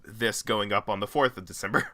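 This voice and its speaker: A man's voice: on the low side, brisk, noisy background. A man in his twenties co-hosting a podcast in casual chat, joking and rambling with frequent laughs. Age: 20s. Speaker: podcast co-host.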